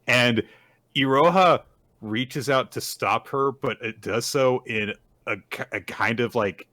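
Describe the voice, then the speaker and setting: Man, casual podcast co-host, manga recap, bright tone, laughs a lot. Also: mid-range voice, no echo. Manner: retells scenes with quick acted quotes, laughs often.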